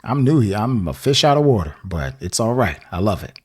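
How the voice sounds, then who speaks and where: A man raised in the American South talks through a song reaction in a loose, rambling way. His voice sits a little low, with plenty of fillers and easy laughs between thoughts. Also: sing-song, brisk, breathy edge. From Southern United States. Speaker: music reaction host. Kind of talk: casual reaction chat.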